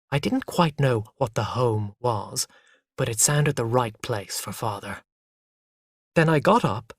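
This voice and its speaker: A man narrating a graded reader story in a slow, clear, expressive reading voice. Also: medium pitch, no echo, studio quality.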